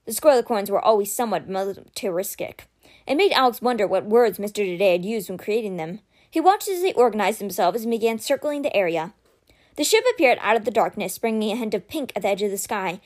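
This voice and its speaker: A woman reading a children's fantasy novel aloud with expressive, dramatic storytelling. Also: medium pitch.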